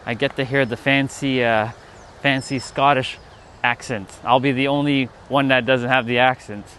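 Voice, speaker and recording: Strolling along a city street, a Canadian-accented livestream host talks into his phone, rambling and thinking out loud. His mid-range voice is steady and fairly bright at a moderate pace, with slight background noise.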